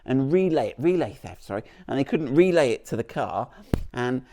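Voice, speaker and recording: A man's voice: medium pitch, animated, normal speed, dark tone. A man presenting a car vlog outdoors beside the vehicle, chatty and jokey, rambling with restarts as he demonstrates.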